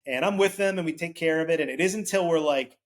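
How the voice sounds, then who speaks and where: Speaking quickly in a slightly high voice, this forty-something podcast guest rambles casually through a long personal story. He leans on "like" as filler and performs the voices of the people he quotes.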